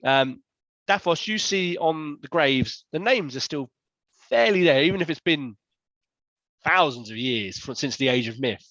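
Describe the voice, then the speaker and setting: A man's voice: a little high, animated, a little slow, a bit bright, dry recording, highs cut off. A man narrating a tabletop game as game master, often rambling and correcting himself. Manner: rambling, self-correcting description.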